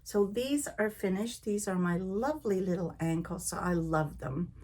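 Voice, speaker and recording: A woman's voice: mid-range voice, normal speed, darkish tone. A woman in her sixties, born in Liverpool and living in Canada for decades, hosting a knitting podcast in a chatty, rambling way, laughing often as she gets over a cold. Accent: Liverpool with Canadian influence. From Liverpool, England. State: recovering from a cold. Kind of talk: casual chat.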